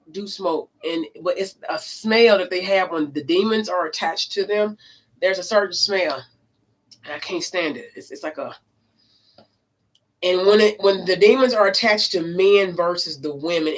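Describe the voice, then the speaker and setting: Woman, tarot reader, casual vlog storytelling, emphatic, profane, swings loud and low.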